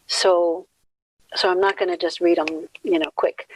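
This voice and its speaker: A woman minister leading a guided meditation, speaking gently and unhurriedly as she counts out breaths. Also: fairly low pitch, steady tone, measured pace, a little hiss or hum, low-quality recording.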